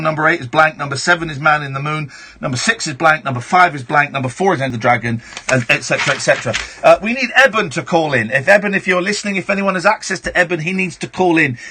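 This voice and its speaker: A man hosting a late-night radio phone-in, his voice pitched high and swinging widely. He sounds bright and forward, and he talks over callers bluntly. It is a talk-radio studio delivery. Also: breathy edge. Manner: brusque, cuts callers off.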